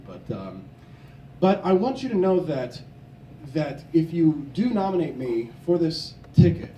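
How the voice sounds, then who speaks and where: A young man from Missouri delivers a combative stump speech, his fairly high voice soft and mellow rather than bright. He stands well back from the microphone. His words ring through a reverberant convention hall. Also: slight background noise. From Missouri, USA. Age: young adult. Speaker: political candidate. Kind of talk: campaign speech. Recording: echoey hall, from a distance.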